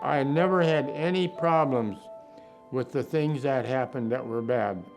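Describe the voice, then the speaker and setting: A war veteran from Minnesota, United States, a man over a hundred years old, shares his memories in a documentary interview, reflective and acting out the remembered dialogue. His voice is medium-pitched and a little slow, with music in the background.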